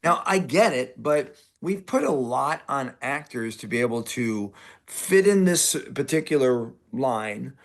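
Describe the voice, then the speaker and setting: A man's voice: medium pitch, lively intonation, a little slow. A man with a mid-range voice hosts a casual interview podcast. He talks in long, rambling runs and often acts out the people he quotes. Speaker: podcast host.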